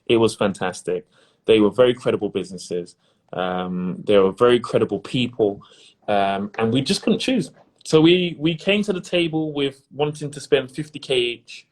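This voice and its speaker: A man hosting a pitch competition final over a video call, chatty and upbeat, often repeating his words. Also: normal speed. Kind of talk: casual live-stream chat.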